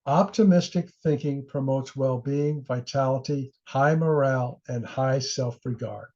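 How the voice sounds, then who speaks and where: A man's voice: mid-range voice, normal speed, warm tone. A middle-aged man presenting a training webinar in an earnest, encouraging way, sometimes acting out the voices he quotes. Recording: dull lo-fi webinar audio.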